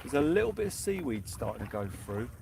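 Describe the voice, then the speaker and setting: Out fishing at night on a casual livestream, this gravelly-voiced man talks fast, his medium pitch swinging widely. Between chatting and calling out viewers by name, he breaks into bits of songs, all captured in a noisy outdoor recording.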